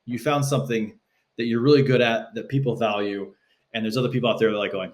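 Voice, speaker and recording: A man speaking as a guest on a podcast, telling stories casually and acting out quotes with shifting pitch. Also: fairly even intonation, fast talker. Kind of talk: casual conversational storytelling. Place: Los Angeles.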